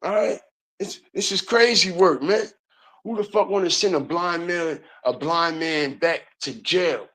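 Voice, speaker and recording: A man's voice: fairly high pitch, unhurried, pushed and bright. Heated, profane male commentator. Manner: profane, heated, repeats his points. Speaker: online commentary host. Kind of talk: ranting video commentary.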